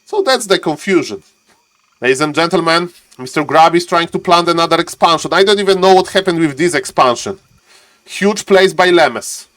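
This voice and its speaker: A man casting a strategy game match, swinging from calm talk to frantic repeated shouting. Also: a little high, normal speed. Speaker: game caster. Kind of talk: excited esports commentary.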